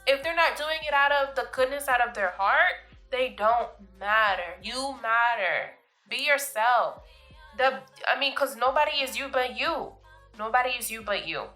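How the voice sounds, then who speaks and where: A woman speaks to the camera on her vlog in a sharp-toned, medium-pitched voice, giving casual, emphatic motivational life advice. She laughs often and calls her listeners "boo".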